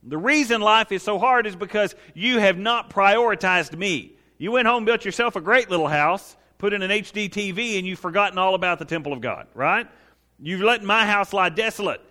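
A pastor preaching with a high, bright, forward voice. He drives his points home with emphatic rhetorical questions and speaks for God in the first person, pleading and reassuring his congregation. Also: normal speed. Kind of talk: sermon.

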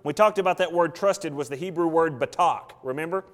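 A man's voice: on the high side, a little fast, a bit bright. A male pastor preaching an expository sermon in a conversational way, sometimes acting out the prayers he quotes. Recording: long reverb of a large hall.

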